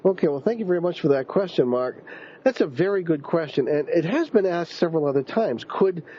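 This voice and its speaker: A man's voice: fairly high pitch, lively intonation, a little fast, dark tone, a little hiss or hum. Male host, casual rambling delivery, dull radio recording. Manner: rambling, with frequent ums and restarts.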